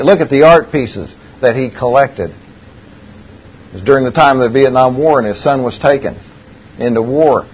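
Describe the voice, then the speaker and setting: A man's voice: medium pitch, slight background noise. A man preaching a sermon, telling a story in an earnest way and repeating key phrases. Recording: dull lo-fi recording.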